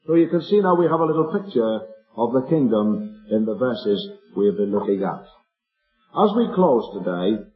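Earnest male preacher in an echoey church hall, faint music under him. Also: medium pitch. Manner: earnest, rhetorical questions to the congregation. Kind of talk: sermon. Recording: tinny lo-fi recording in an echoey hall.

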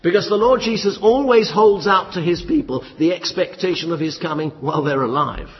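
A man preaching a sermon in an emphatic, lively style with flashes of dry humour. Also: sits high, a little fast, slightly rough. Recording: muffled, echoey hall.

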